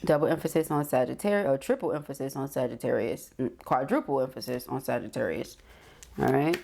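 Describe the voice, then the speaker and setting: Low, gravelly-voiced woman reading tarot. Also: lively intonation, brisk, mellow, a little hiss or hum. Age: adult. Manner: frequent "okay?" check-ins, affirming. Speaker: tarot reader.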